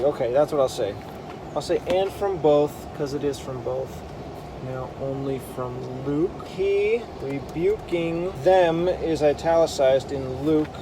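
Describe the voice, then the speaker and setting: Over a noisy background, a man whose voice is on the high side speaks unhurriedly as he edits a Bible harmony. Thinking aloud, he reads scripture passages, blends verses together, and corrects himself as he goes.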